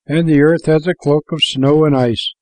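A man voicing a gentle, kind female moon spirit in a storybook, speaking softly and invitingly. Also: on the high side, steady tone, normal speed, no room sound, natural voice, low-quality recording.

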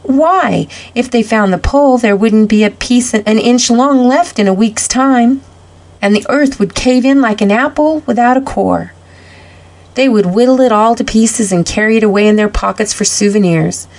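A woman voicing a jolly, kindly old male Santa Claus who talks briskly and heartily. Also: fairly high pitch, a little mellow, voice pushed up, lightly acted. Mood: hearty.

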